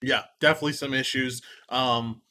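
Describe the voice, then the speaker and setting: A man with a bright, forward voice hosts a casual sports chat. He rattles off game results and laughs easily between points. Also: medium pitch, fairly even intonation, normal speed. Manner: chatty, laughs often, lists results. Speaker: co-host of a sports betting show.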